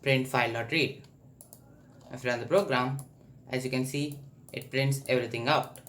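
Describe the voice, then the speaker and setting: A programming tutor with a mid-range, slightly bright voice and fairly even intonation speaks at normal speed through a screen-recorded coding tutorial. He explains each step and thinks aloud while typing, with faint background noise.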